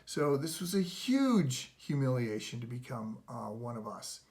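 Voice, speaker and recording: A man's voice: mid-range voice, big pitch swings, a little slow, darkish tone. Middle-aged male pastor, earnest and conversational, mid-range voice, restarts often. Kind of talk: devotional sermon.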